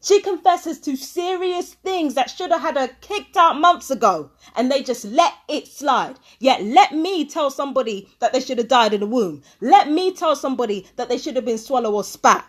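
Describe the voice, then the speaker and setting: A woman's voice: sits high, expressive, moderate pace, hardly any pauses. A woman ranting angrily in a vlog, swearing and firing repeated questions at a recording she plays. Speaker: vlogger. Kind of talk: angry commentary over a played recording.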